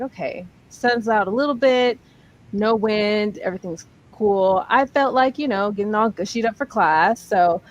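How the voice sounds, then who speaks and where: A woman in her twenties telling a story in casual chat, laid-back and halting. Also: medium pitch, low-quality recording. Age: 20s. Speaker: guest.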